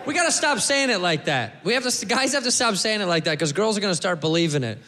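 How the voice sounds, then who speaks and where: Guy doing stand-up, kinda high voice, loud acted bits, echoey hall. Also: animated, fast talker, crowd noise, noisy background. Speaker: stand-up comic. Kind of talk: stand-up comedy set. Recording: long hall reverb.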